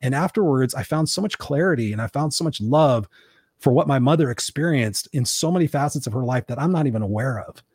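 A man's voice: mid-range voice, expressive, fairly quick, a little mellow, husky, dry recording, clean studio sound. A man hosting a podcast, telling a candid, emotional personal story with lots of restarts. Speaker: podcast host. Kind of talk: personal storytelling in casual talk.

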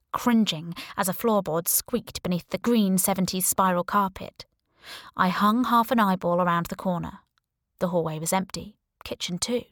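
A woman reading a first-person thriller aloud in a wry, sardonic voice, quick to mock herself. Her mid-pitched voice sits close and dry on a studio mic, with no room around it. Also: no room sound. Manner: wry, sardonic, lively storytelling. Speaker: audiobook narrator. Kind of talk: first-person audiobook narration.

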